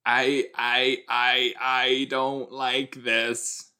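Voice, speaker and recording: A man giving chatty, excitable reaction commentary as he watches a TV episode, gasping and exclaiming along. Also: medium pitch, extremely slow. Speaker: reaction video host.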